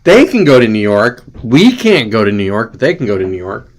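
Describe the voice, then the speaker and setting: A man's voice: fairly low pitch, sing-song, fairly quick. A young adult man hosting a casual chat show, rambling and irreverent, joking loosely, sounding tired. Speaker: host.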